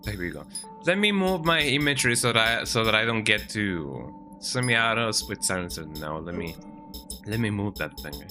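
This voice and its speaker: A man giving rambling, chatty gameplay commentary at home, often tagging his sentences with "eh?". His voice is bright and forceful, with a low but lively pitch that swings around a lot. Faint game music plays in the background. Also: normal speed. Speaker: streamer. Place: home, at a computer.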